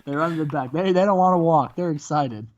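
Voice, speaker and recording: A man hosting comedic let's-play commentary, telling the story in an animated way and laughing often. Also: fairly high pitch, fast talker, highs cut off, slight background noise. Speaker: host.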